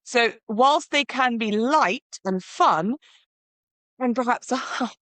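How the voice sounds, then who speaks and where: A woman, a wedding celebrant, hosting a podcast and giving chatty, animated advice while she acts out example vows. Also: a little high, slow, no room sound. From United Kingdom. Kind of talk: casual advice monologue.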